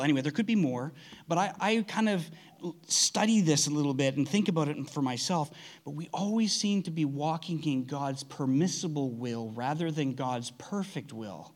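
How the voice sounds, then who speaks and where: A man preaching a conversational sermon, earnest, often restarting his sentences. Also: fairly high pitch. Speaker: pastor.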